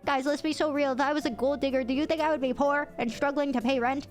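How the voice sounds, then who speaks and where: A woman livestreamer telling a story to her chat in an animated way, swearing casually and breaking into laughter. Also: sits high, soft background music. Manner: excitable, swears casually, quick bursts of laughter.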